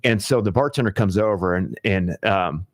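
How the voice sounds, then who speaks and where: A man hosting talk radio, chatty and animated as he tells a long story from his restaurant days. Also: deep voice, normal speed, no echo, clean studio sound. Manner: chatty, animated, many fillers. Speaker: radio talk show host. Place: radio studio. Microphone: studio microphone.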